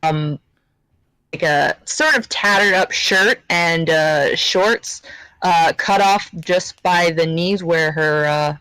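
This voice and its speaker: A woman's voice: on the low side, slow pace, a bit bright, smooth, no room sound, low-quality recording. A woman playing a tabletop game, describing her character hesitantly with many fillers. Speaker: player.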